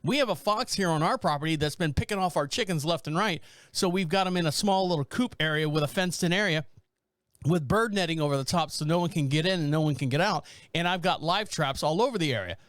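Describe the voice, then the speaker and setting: A podcast host comments on a video clip in an animated, chatty way, laughing often and using fillers. He talks fast in a voice on the high side, and the recording is dry.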